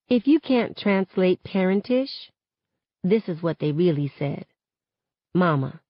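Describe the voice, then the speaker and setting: Low-voiced woman reading a novel aloud. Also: expressive, takes it slowly, pauses often, no room sound. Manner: changes pitch and loudness for characters' lines. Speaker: audiobook reader. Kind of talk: first-person novel reading with character voices. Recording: dull, dry, lo-fi home recording.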